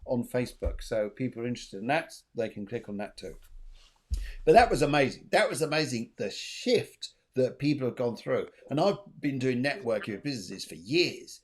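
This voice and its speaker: A man's voice: mid-range voice, animated, moderate pace, few pauses. A man hosting a spiritual talk show, chatting earnestly and repeating his key phrases for emphasis. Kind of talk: casual chat.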